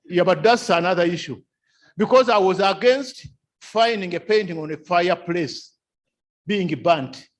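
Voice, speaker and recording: Unhurried, with a voice that sits high, a man gives a lecture in a seminar room. He tends to repeat key phrases, asks rhetorical questions, and chuckles often.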